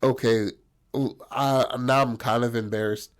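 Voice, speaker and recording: A man's voice: medium pitch, steady tone, a little slow, close to an everyday voice. A man doing a shy, embarrassed young woman.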